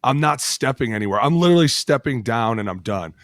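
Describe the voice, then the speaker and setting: A man co-hosting a podcast, a former lineman who tells football stories in animated, profane casual chat and laughs a lot. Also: medium pitch, quick pace, no echo. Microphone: studio podcast mic.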